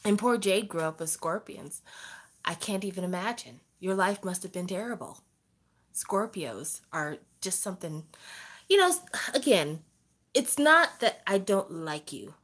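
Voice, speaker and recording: A woman vlogger rambling in casual chat, telling exasperated stories and swearing, with animated impressions of other people. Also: mid-range voice, unhurried, slightly rough.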